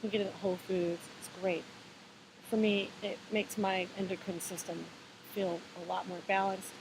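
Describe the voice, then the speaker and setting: Over a steady hiss in a home recording, a woman vlogger muses casually, offering spiritual advice in a reflective monologue. Her mid-range voice moves at a moderate pace, relaxed, meandering and encouraging, with many fillers and restarts.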